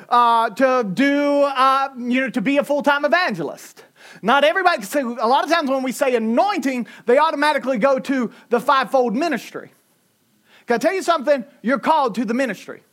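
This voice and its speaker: A man's voice: very high voice, a bit bright. A middle-aged man, a pastor preaching a sermon into a microphone, emphatic and repetitive with joking asides.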